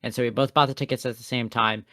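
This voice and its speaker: A man's voice: medium pitch, steady tone, fast, pushed and bright, dry recording, studio quality. A young man co-hosting a casual podcast, telling a rambling, self-mocking story with a passive-aggressive edge. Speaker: podcast co-host.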